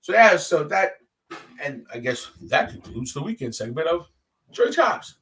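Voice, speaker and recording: Animated high-voiced man telling stories. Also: a little slow, far from the mic. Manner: animated, profane, acts out quoted dialogue. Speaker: podcast host. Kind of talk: casual solo storytelling.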